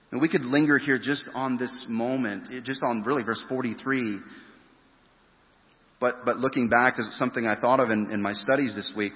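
A male pastor preaching an earnest sermon, stressing key phrases and slowing down to drive points home. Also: medium pitch. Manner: earnest, emphatic preaching with rising stresses and slow drawn-out phrases. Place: church sanctuary. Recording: dull sound with long hall reverb.

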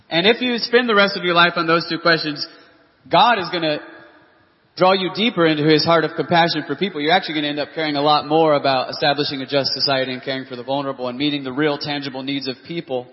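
A man preaching a sermon as pastor, earnest and full of rhetorical questions. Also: on the high side. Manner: earnest, rhetorical questions, reads scripture aloud. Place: church hall. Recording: dull lo-fi audio with long church reverb.

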